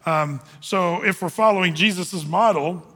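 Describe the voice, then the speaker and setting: A man pastor gives a verse-by-verse Bible teaching in a loose, conversational way, often stopping to restart a thought. His voice sits a bit high and sounds bright and forceful. The sound carries the long reverb of a large church hall. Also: unhurried. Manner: conversational, with frequent fillers and restarts.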